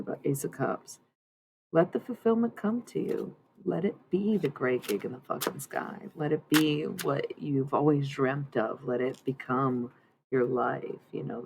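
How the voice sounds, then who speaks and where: Gravelly, chatty woman reading tarot. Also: a bass voice, background noise. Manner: rambling, chatty, swearing freely. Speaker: tarot reader and streamer. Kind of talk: casual livestream chat and tarot reading.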